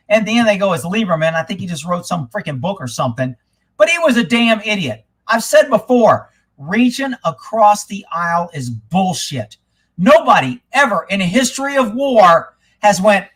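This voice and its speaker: A man hosting a live talk stream, ranting about politics in a fired-up, swearing way and shouting when worked up. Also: high voice, big pitch swings, moderate pace, husky. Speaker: livestream host.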